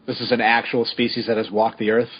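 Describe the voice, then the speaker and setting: A man co-hosting a podcast in casual chat, quick, playful and easily amused. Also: mid-range voice, little pitch movement, husky. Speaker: podcast co-host. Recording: dull lo-fi podcast audio.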